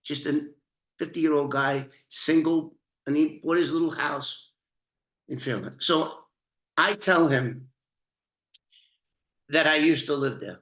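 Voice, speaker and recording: A man telling a story from his own past in casual talk, blunt and profane, often restarting and clearing his throat. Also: fairly high pitch, takes it slowly, pauses often, fairly bright tone, roomy sound.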